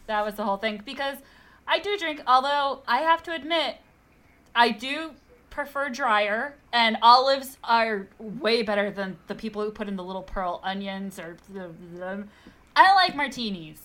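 A woman with a bright, fairly high voice chats playfully in a casual podcast conversation, leaning hard on her points. She moves easily from anecdote to teasing. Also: lively intonation, normal speed. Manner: chatty, playful, emphatic. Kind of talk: casual chat.

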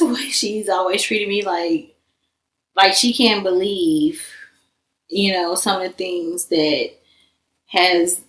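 A woman's voice: mid-range voice, a bit bright, distant mic. Frank woman, echoey and off-mic. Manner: frank, casual, emphatic. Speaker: guest. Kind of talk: candid personal conversation. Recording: echoey room, voice a bit off-mic.

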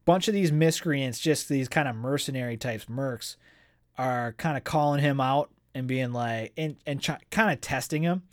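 An excitable man recaps and reads from a fantasy novel, his middle-pitched voice close and dry. He chats casually, full of "like" and "dude.". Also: moderate pace, dry recording. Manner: excitable, chatty, uses "dude" and "like". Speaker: podcast host. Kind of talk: casual book discussion and reading aloud.

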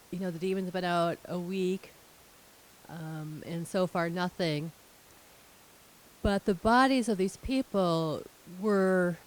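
A woman's voice: fairly low pitch, rough recording. A woman co-hosting a casual recap chat, explaining scenes and acting out characters' lines as she retells them. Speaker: podcast co-host.

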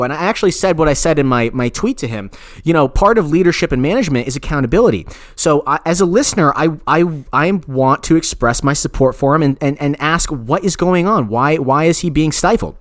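Man, podcast co-host, profane, rambling, fairly high voice. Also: brisk, dry recording, studio quality. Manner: profane, rambling, animated storyteller with many restarts. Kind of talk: casual podcast banter.

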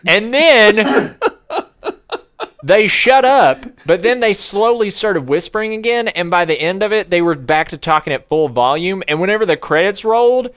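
A young man in casual chat, telling a story in an animated way and laughing often. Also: sits high, moderate pace.

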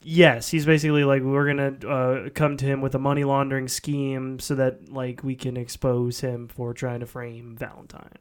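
A man's voice: mid-range voice, level tone, normal speed, few pauses, clear, resonant tone. A man co-hosting a casual podcast, laughing and searching for names as he recaps a show. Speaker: podcast co-host. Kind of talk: casual chat about a TV show.

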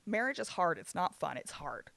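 A man's voice: sits high, sing-song, moderate pace, vocal fry, bright, forceful tone, dry recording. A man in his twenties telling a heated story in casual chat, swearing freely and laughing between lines. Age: 20s.

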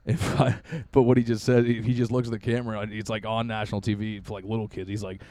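A man's voice: fairly low pitch, flat delivery, fast talker, dark tone, no echo. A young man hosting a casual podcast, joking crudely in a laid-back way. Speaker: podcast host.

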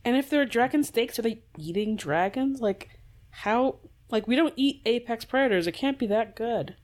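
Woman podcast co-host, fairly high voice, very animated pitch, rambling casual chat with swearing. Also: moderate pace. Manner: rambling, restarts, swears, sighs. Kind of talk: casual book discussion.

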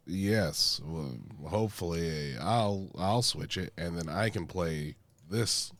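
A man's voice: low-pitched, slow, dry recording. A man co-hosting a casual podcast while sick with a cold, making dry teasing jokes. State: under the weather, stuffed-up voice. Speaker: podcast co-host. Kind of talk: casual chat.

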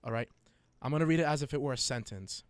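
A young man in casual chat, reading a long list out loud and often breaking into giggles. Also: medium pitch, quick pace, dry recording.

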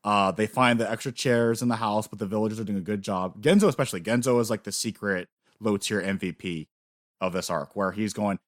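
A man co-hosting a casual podcast, excitedly recapping story events, swearing freely and acting out lines. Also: fairly low pitch, a little fast, no echo, clean studio sound. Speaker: podcast co-host. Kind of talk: casual anime recap chat.

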